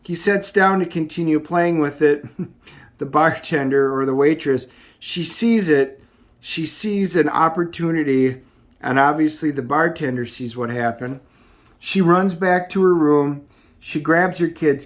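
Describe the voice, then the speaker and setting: A man's voice: fairly high pitch, a little slow. A man with a somewhat raised voice walks through a comic book's story in a loose, casual way. He rambles and leans on ums and uhs as he goes. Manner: rambling, filler-heavy summarizing. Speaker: comic book reviewer. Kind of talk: casual plot recap.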